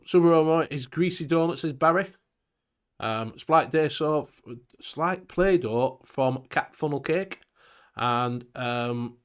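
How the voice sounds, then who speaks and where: A chatty man with a somewhat high voice hosts a casual live-stream chat. He reads comments aloud, laughs easily and swears without a second thought. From England. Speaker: show host reading viewer comments.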